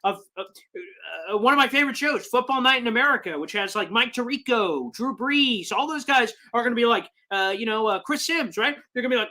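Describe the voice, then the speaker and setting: A man hosting a live fan stream, reading viewer comments and talking in a passionate, rambling way while emotional and excited. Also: a little fast. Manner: high-energy, passionate, rambling. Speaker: sports fan show host.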